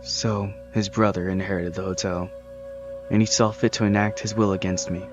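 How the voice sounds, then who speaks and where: A starved bull-headed monster bound as a servant, speaking in solemn, obedient tones, as a man reads him aloud from a game. The low male voice is a little louder here, and the audio is dull with music behind it. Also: level tone, moderate pace, close to an everyday voice. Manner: solemn, servile, plainly spoken.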